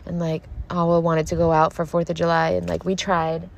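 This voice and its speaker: Parked in her car, a podcast host speaks in an emotional monologue, tearful and shaken, talking urgently and swearing often. Her voice is lowish, monotone, creaky and a little fast, with a slight hiss or hum.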